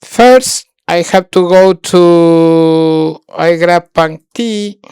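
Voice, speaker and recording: A woman teaching a Sanskrit lesson online, thinking aloud while she works on screen, halting and repeating words, often restating them in Spanish. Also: fairly low pitch, darkish tone, smooth, dry recording, studio quality.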